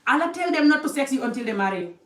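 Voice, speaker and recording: A woman's voice: sits high, lively intonation, racing, fairly bright tone. Emphatic woman lecturing from across a room. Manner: emphatic, scolding, addresses viewer directly. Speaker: vlogger giving advice. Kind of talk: direct-to-camera lecture. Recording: roomy, distant from mic.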